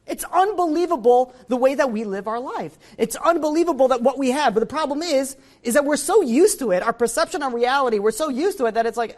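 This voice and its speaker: Here is a rabbi speaking to his congregation in a synagogue. His tone is loose and conversational, and he keeps his story moving with lively energy. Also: very high voice, quick pace, few pauses. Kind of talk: Torah class in a synagogue.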